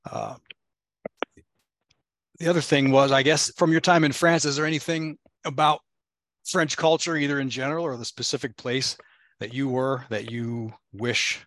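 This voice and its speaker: Relaxed, thoughtful man hosting a podcast. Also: mid-range voice, moderate pace, no room sound. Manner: thoughtful, rambling, laughs easily. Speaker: podcast host. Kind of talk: casual interview conversation.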